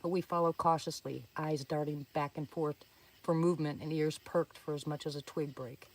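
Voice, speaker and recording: A woman's voice: low-pitched, fairly even intonation, moderate pace. A woman reading a first-person story aloud, in an earnest, suspenseful telling with small slips. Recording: voice somewhat distant from the mic.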